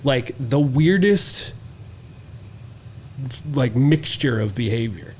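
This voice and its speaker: A man's voice: mid-range voice, expressive, slow pace, a little mellow, slight background noise. A man co-hosting a podcast, telling a wild story in casual, profane chat and acting out the quotes. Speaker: podcast co-host.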